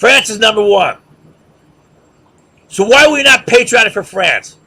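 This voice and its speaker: A man's voice: high-pitched, animated, a little slow, bright, forceful tone, slightly rough. A man giving a rhetorical, sarcastic lecture, firing questions at listeners and mocking chants.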